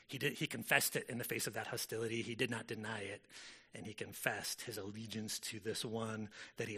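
Bright-voiced man preaching a casual sermon. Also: medium pitch. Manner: conversational, frequent "like" fillers, self-correcting. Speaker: pastor.

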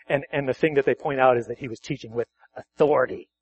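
With a mid-range male voice and a brisk pace, a pastor preaches a sermon during a church service. He talks conversationally, corrects himself, and questions the congregation.

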